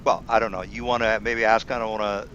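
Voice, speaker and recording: A man's voice: fairly low pitch, level tone, fairly bright tone. A man narrating as game master for a tabletop game, hesitant with many fillers. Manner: halting, many fillers, voices the kobolds in quotes. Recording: dull lo-fi home recording with faint noise.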